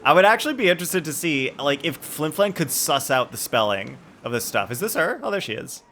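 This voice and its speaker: A man's voice: a little high, very animated, brisk, fairly bright tone, slight background noise. A man streaming a game, chatting and joking playfully with his viewers. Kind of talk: casual livestream chat.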